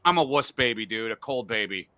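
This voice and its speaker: A man's voice: medium pitch, expressive, fairly quick, pushed and bright, dry recording. A middle-aged man hosting a casual sports podcast from a home studio, blunt and profane when he rants. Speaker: podcast host.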